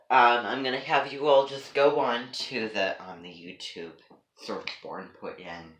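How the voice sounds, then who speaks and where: A man's voice: on the low side, fairly bright tone. Rambling, hesitant man in an echoey room. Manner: hesitant, full of ums and restarts. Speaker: vlogger. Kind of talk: rambling one-sided chat to camera.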